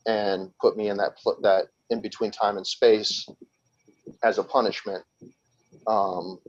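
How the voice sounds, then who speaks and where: As a podcast guest, a man tells a long story in a rambling, casual way, restarting often, laughing frequently, and acting out quoted voices. His voice sits on the low side and is slightly rough, and the lo-fi recording sounds slightly dull.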